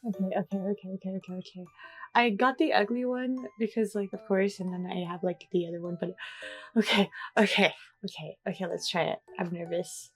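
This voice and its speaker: A young woman vlogging her baking, excitable and gasping, swearing and repeating herself, reading recipe steps aloud between outbursts. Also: mid-range voice, a little fast, faint music behind. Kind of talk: casual vlog.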